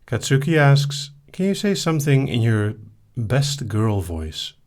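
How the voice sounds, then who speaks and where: A man hosting a live hypnosis stream, casually reading viewer questions aloud and answering them in a soft, easygoing way. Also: mid-range voice, sing-song, measured pace. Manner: soft-spoken, easygoing, reads each question aloud then answers briefly.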